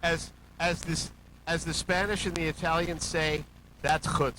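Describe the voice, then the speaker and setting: A man's voice: a little high, level tone, normal speed, background noise. A man hosting a casual interview who breaks in with emphatic, wry asides.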